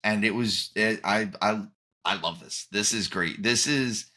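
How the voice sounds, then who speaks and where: Podcast host guy with a lowish voice, rambly, keeps trailing off and restarting. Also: a little slow, sharp tone. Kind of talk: casual podcast chat.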